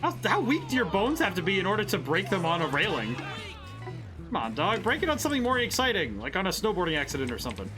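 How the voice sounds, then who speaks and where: A streamer from the northern United States keeps up a casual, bemused let's-play commentary, giggling and talking back to the game's characters. The voice swings widely in pitch, and game music plays clearly underneath it. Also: big pitch swings, quick pace.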